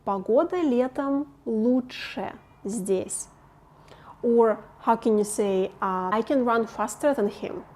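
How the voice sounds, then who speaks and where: A woman gives an online language lesson, patient and clear. Her voice sits a little high, and she speaks slowly and deliberately, repeating each word for practice. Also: a little mellow. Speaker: Russian language teacher.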